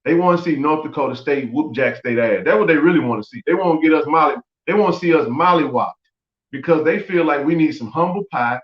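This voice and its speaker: A man's voice: on the high side, brisk. A man hosting a sports podcast, giving blunt, opinionated talk and repeating phrases for emphasis. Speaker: podcast host. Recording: echoey, dull lo-fi audio.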